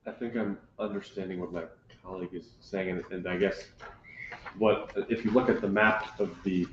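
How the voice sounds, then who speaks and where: A man on a city committee asking questions at a meeting, halting and searching for words. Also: deep voice, fairly even intonation, fairly bright tone, slight background noise. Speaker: committee member. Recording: echoey chamber, dull sound.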